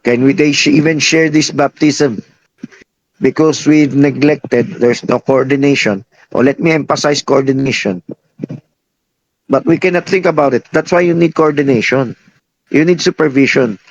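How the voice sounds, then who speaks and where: A man's voice: medium pitch, moderate pace, muffled recording. A man preaching a sermon, teaching by firing questions at the congregation and repeating himself. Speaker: pastor.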